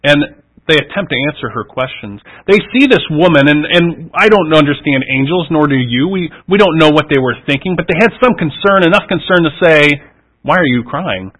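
A man reading scripture aloud and then preaching on it, earnest and reflective, leaning into key words and then letting his voice fall soft. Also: fairly high pitch, lively intonation, brisk, low-quality recording.

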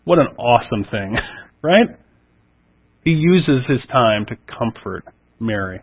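A man's voice: medium pitch, expressive, takes it slowly, slightly rough. Earnest male preacher on dull radio. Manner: earnest, reflective, rises with emphasis then drops soft. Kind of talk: scripture reading and sermon.

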